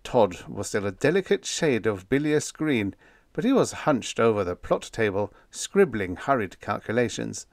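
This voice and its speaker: A man narrating a humorous story in the first person, with lively, expressive storytelling. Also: on the low side, normal speed, vocal fry, no room sound, clean studio sound. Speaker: audiobook narrator.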